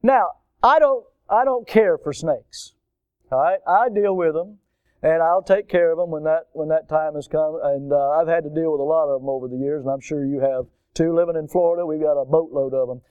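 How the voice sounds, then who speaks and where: Animated man preaching a sermon. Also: fairly high pitch, moderate pace, clear, resonant tone, dry recording, narrow, tinny audio. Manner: animated, acts out voices and shouts in stories. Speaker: preacher at a school chapel. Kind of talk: storytelling sermon.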